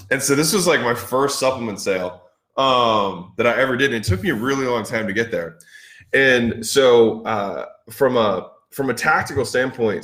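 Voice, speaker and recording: A man's voice: medium pitch, fairly bright tone, reverberant. A man hosting a podcast, telling sales stories casually with many fillers and restarts and acting out both sides of past conversations. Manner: rambling, filler-heavy, acts out past dialogue. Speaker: podcast host. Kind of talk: casual business talk.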